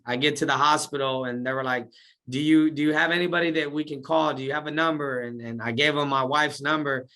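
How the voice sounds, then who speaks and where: Bright-voiced man telling his story. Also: fairly high pitch. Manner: animated, slangy, acts out his own past words. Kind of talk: casual storytelling interview.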